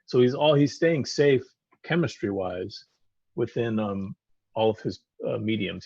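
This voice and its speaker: A man's voice: lowish voice, no room sound, muffled recording. A man co-hosting a live painting stream, chatting casually and rambling through painting technique with lots of fillers. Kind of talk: casual chat while painting.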